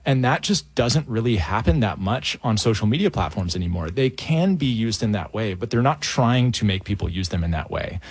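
A man's voice: fairly low pitch, sing-song, normal speed, few pauses, breathy edge, no room sound. A man answering questions as a radio guest, earnest and thoughtful, sometimes stumbling on his first words. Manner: earnest, thoughtful, repeats words when starting. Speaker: guest, founder of a tech-addiction project.

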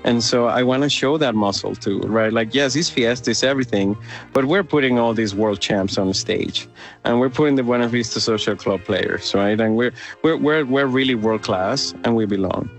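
A man's voice: medium pitch, moderate pace, soft background music. A man from Mexico with a Mexican Spanish accent, an opera company director speaking in an enthusiastic, casual interview and often restarting his sentences.

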